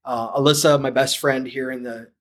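A man from St. Louis telling his story as a podcast guest, animated and acting out the lines of people he quotes. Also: medium pitch, brisk. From St. Louis, USA. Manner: animated, acts out quoted dialogue. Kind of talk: casual storytelling.

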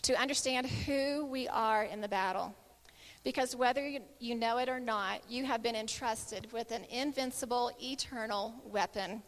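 A middle-aged woman giving a sermon, telling a personal story in an animated way and acting out the voices of the people in it. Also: on the high side, in a large hall. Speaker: speaker giving a Christian talk.

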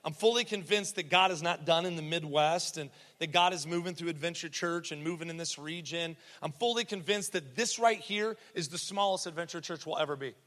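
A man's voice: on the high side, a little fast, few pauses, fairly bright tone. A male pastor preaching an emphatic, joking sermon to a church congregation. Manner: emphatic, repetitive, jokey. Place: church sanctuary. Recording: reverberant church hall.

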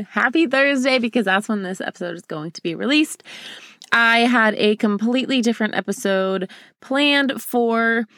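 A young woman hosts her podcast in a casual, confiding way, speaking to the listener like a close girlfriend. She sounds open and emotional. Her voice sits at an average pitch, recorded close and dry with no room echo. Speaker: podcast host. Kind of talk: casual heartfelt podcast talk.

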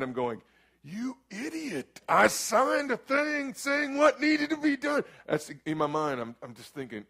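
A middle-aged man, preaching a storytelling sermon that swings from hushed asides to sudden shouts. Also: fairly high pitch. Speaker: pastor.

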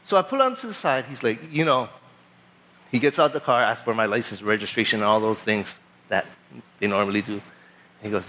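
A man preaching as pastor, telling a personal story in a casual, animated way and reading scripture aloud. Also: fairly low pitch. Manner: casual storytelling, animated retelling of a traffic stop; reads scripture aloud in a measured voice. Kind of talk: sermon.

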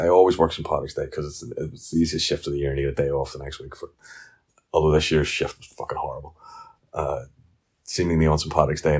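A man's voice: deep voice, husky. Sweary Northern Irish man ranting. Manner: sweary, blunt storytelling. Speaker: podcast host. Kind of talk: casual ranting monologue.

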